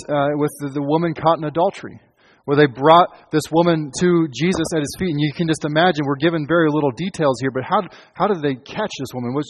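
A man preaching a sermon in an earnest way, restarting phrases often as he retells scripture. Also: a little high. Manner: earnest, with frequent restarts and quoted lines. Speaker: pastor. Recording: long hall reverb.

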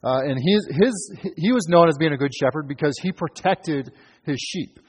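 Male pastor, husky voice, conversational emphatic sermon, long hall echo. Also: a little high, lively intonation, moderate pace. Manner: conversational, emphatic preaching with fillers.

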